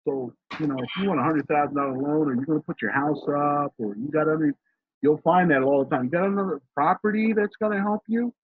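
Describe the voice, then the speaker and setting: Husky man on a tinny line. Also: a little high, fast talker, no room sound. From Philadelphia, USA. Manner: emphatic, storytelling, acts out quoted dialogue. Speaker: financial consultant, guest. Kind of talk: casual interview talk. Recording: dry, tinny phone-like line.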